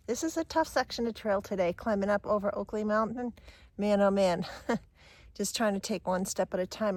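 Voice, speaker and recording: A woman's voice: medium pitch, moderate pace, a little mellow, no echo. Chatty woman vlogging a hike. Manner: chatty, candid, catching her breath on climbs. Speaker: hiking vlogger. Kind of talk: casual trail vlog. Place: outdoors on a mountain trail. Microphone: handheld camera.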